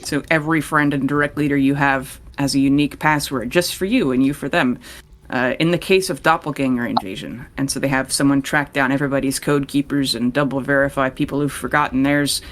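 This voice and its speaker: A man's voice: medium pitch, fairly even intonation, brisk, fairly bright tone, slight background noise. A young man running a tabletop game as game master, narrating casually and swearing freely. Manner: casual, swears freely, voices characters in passing.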